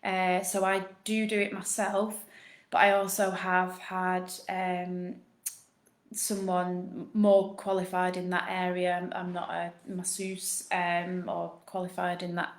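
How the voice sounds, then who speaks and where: Northern English woman, fitness coach, chatty live stream host, roomy sound. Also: lowish voice. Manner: chatty, rambling, quick. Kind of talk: live Q&A chat.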